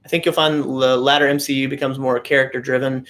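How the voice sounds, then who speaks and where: A man's voice: mid-range voice, level tone, fast talker, a bit bright. A young man from the United States, a guest chatting casually on a livestream and giving blunt opinions and fitness tips.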